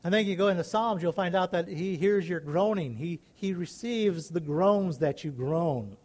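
A man's voice: sits high, moderate pace, darkish tone. A middle-aged male pastor preaching a sermon, rising into emphatic calls and questions to the congregation.

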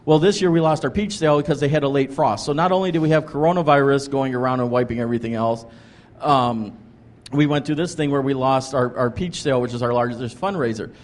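A pastor and ministry leader, appearing as a guest, tells his ministry story in a mid-range voice at a quick pace. His casual, earnest account rambles, full of restarts and "like" fillers.

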